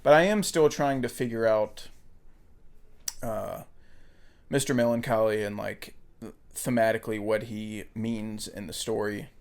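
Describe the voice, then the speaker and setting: Gravelly man musing over a film. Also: fairly low pitch, fairly even intonation. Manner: thoughtful, hesitant, pauses with ums. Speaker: podcast co-host. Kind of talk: casual film discussion.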